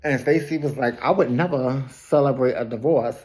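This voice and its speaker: A woman's voice: very deep voice, normal speed, darkish tone. A woman giving a casual, gossipy recap of a reality TV episode, laughing often, throwing shade and correcting herself as she goes. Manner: loose colloquial phrasing with frequent self-corrections.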